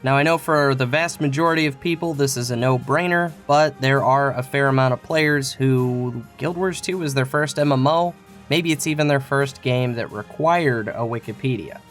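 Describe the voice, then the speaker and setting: A man's voice: medium pitch, normal speed, a bit bright, soft background music. Man casually explaining game websites. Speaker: game guide creator. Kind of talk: scripted tutorial narration.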